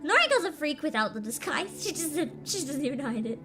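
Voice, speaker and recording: A young woman streaming a game, chatting casually with giggles and quick asides. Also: high-pitched, sing-song, over music. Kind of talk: casual let's-play commentary.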